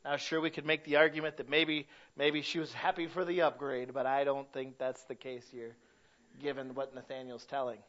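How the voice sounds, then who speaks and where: A middle-aged man preaching a sermon, swinging from loud to hushed. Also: medium pitch, little pitch movement, moderate pace, muffled recording. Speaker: pastor.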